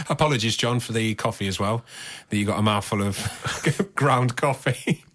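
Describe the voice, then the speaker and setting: A man's voice: medium pitch, a little slow, a bit bright. A man co-hosting a music podcast, easygoing, good-humoured and apologetic. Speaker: podcast co-host. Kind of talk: casual chat.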